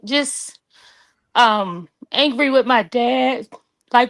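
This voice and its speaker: A tearful woman speaking about her anger and loss in a halting, raw and emotional way. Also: sits high, fairly bright tone. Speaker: guest sharing her grief. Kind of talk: personal testimony on a call.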